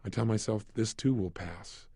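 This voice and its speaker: A man voicing a calm person who softly describes feeling relaxed and at peace, speaking in a hushed, drawn-out way. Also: lowish voice, slightly rough, no echo, pitched below the performer's own voice. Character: calm adult recalling peace of mind, soft and slow.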